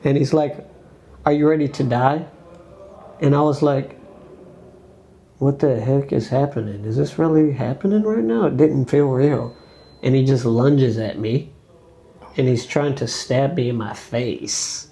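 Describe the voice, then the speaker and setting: A young adult man from the United States telling a story as a dancer guest on a podcast, casual and animated, acting out quoted speech with lots of fillers. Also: mid-range voice, measured pace, gravelly, pauses often.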